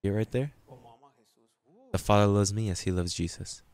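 Lively, laughing preacher man, lowish voice. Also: moderate pace, no echo. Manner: lively, laughing anecdotes with frequent restarts. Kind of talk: storytelling sermon.

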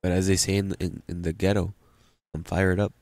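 A man preaching a sermon, plain-spoken and animated, often repeating and restarting his phrases. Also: sits low, normal speed, dry recording.

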